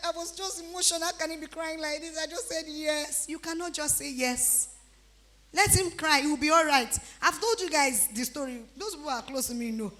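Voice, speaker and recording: A woman in her thirties with a Nigerian accent, speaking to teenagers at a youth retreat in a lively, teasing way. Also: sits high. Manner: animated, teasing, breaks into pidgin-flavored asides.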